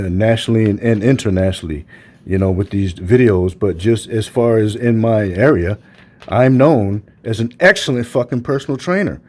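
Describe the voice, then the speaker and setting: Brief: middle-aged male trainer, angry profane rant, low mellow voice. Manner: heated, profane, repetitive, emphatic. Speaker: personal trainer. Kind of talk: profane ranting monologue.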